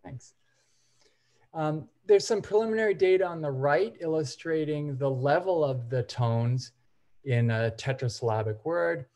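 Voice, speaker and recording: Mellow-voiced man presenting a linguistics seminar. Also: fairly high pitch. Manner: measured, explanatory, walking through examples.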